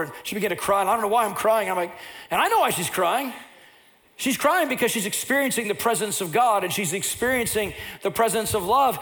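Man preaching with a higher voice. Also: lively intonation, brisk. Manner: storytelling, swells to loud impassioned preaching. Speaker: pastor. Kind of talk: sermon.

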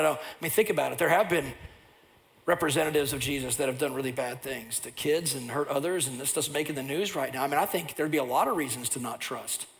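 A pastor preaching a sermon, telling personal stories, and at times rising into loud impassioned preaching. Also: male voice, on the high side.

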